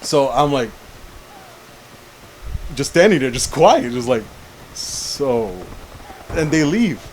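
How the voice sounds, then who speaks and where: A man's voice: medium pitch, expressive, slow, a little hiss or hum, low-quality recording. A young man co-hosting a casual chat show, telling a long rambling story and often saying "how you call it". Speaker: podcast co-host.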